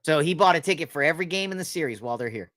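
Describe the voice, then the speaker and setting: A man's voice: a little high, expressive, rapid-fire, a bit bright, no room sound, clean studio sound. A man hosting a podcast, telling a long rambling story in casual chat and laughing at his own jokes. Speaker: podcast host.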